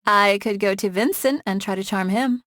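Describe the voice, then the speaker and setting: A woman's voice: mid-range voice, normal speed, fairly bright tone, no room sound, studio quality, lightly acted. A woman voicing a playful young con-artist woman in an audiobook, talking in a breezy, teasing way.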